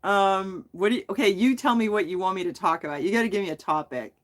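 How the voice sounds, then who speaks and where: A woman's voice: mid-range voice, fast talker. A middle-aged woman hosting a casual livestream, chatting in a giggly, self-deprecating way while replying to viewers. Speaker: livestream host.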